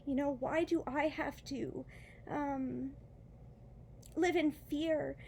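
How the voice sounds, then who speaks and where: Mom talking thru her surgery testimony, earnest, lots of um and like, little laughs, kinda high voice. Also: fairly even intonation, unhurried, a little mellow, slight background noise. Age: adult with children. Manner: earnest, laughs often, many fillers and restarts. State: in pain after foot surgery. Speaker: vlogger sharing a testimony. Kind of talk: casual personal testimony.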